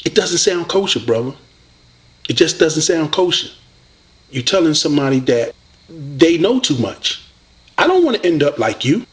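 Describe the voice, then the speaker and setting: A man rants straight at a rival, combative and preachy, with a mocking edge. His voice sits high for a man. His pitch swings widely as he presses each point. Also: very animated, normal speed, long pauses. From United States. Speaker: online debater addressing a rival. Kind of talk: confrontational video rant.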